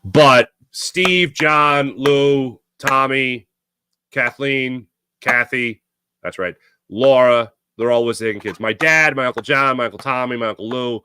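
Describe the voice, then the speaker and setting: Brief: Philadelphia sports talk host, crisp bright tone, dry close sound, rambling off-the-cuff delivery. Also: male voice, medium pitch, a little slow, dry recording. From Philadelphia area, USA. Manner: rambling, self-correcting storyteller. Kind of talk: casual chat, answering live chat.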